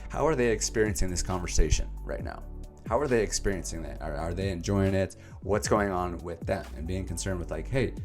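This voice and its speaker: Young man, very low voice, animated casual vlog talk, faint music underneath. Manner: animated, emphatic delivery with many fillers. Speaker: self-help book summarizer.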